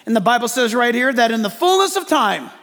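A male pastor preaching a lively sermon in church, joking and acting out quotes as he goes. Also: very high-pitched, a little fast, long reverb tail. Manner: animated preaching with jokes and acted-out quotes.

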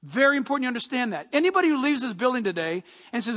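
A male pastor preaching a sermon to his congregation in a church hall, animated and conversational, speaking to them directly. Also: very high voice, racing. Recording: echoey hall reverb.

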